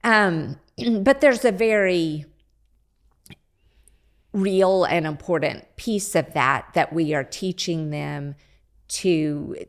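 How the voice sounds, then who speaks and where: An older woman, a parenting expert and grandmother, giving calm, measured advice in a casual podcast chat. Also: fairly low pitch.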